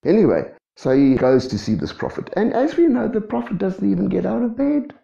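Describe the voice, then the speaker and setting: A man's voice: sits high, fairly quick, vocal fry. Guy preaching a sermon, voice bouncing all over the place, echoey muffled room. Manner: lively preaching with rhetorical questions. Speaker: pastor. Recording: echoey dull room sound.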